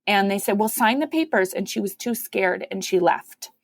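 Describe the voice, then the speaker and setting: A woman who is a guest on a podcast, telling her story in a conversational way and acting out the quoted voices with big jumps in pitch. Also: lively intonation, normal speed, gravelly, dry recording. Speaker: podcast guest, mother of five.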